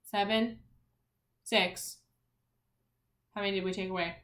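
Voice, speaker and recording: A woman teacher talks young children through a spelling lesson, spelling out every letter and sound. She speaks slowly and clearly at a medium pitch and keeps asking the class questions. The room around her has a noticeable echo. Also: steady tone, a bit bright. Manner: encouraging, asks questions to the class.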